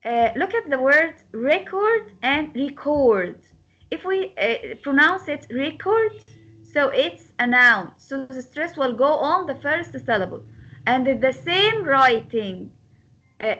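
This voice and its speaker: A woman teaching an English lesson, repeating words slowly to model their pronunciation. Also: sits high, a bit bright. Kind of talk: classroom lecture. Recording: slightly dull lo-fi sound.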